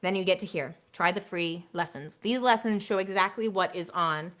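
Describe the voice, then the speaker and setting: A woman music teacher with a lowish voice and a moderate pace leads a live online workshop for fellow teachers. She's chatty and playful, and she drops to a soft hush through her computer mic to demonstrate classroom routines.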